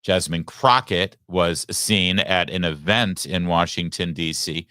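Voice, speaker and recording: A man's voice: low-pitched, a little slow, pushed and bright, dry recording, clean studio sound. A man hosting a live political commentary show, talking emphatically with sarcastic asides. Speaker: host.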